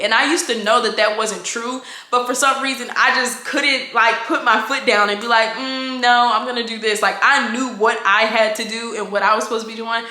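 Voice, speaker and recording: A woman, telling a casual storytime, animated and slangy, acting out the dialogue. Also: fairly high pitch, fast talker. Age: 20s. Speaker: vlogger. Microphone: camera mic. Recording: echoey room.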